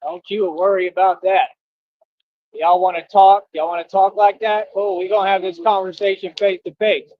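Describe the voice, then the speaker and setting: A man's voice: sits high, flat delivery, normal speed. Swaggering man on dull lo-fi stream. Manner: boastful, swaggering street slang. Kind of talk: casual livestream monologue.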